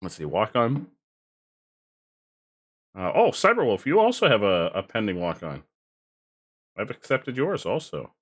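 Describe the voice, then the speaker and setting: A man's voice: fairly low pitch, sing-song, a little slow, pauses often, breathy edge. A man streaming a game, chatting casually and explaining things to viewers, often repeating himself. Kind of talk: casual live-stream chat while gaming.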